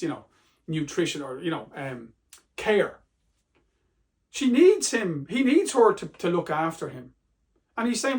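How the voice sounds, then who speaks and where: A man teaching a literature lesson in a conversational, emphatic way, reading quoted lines aloud with feeling. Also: high voice. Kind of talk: exam-prep literature lesson.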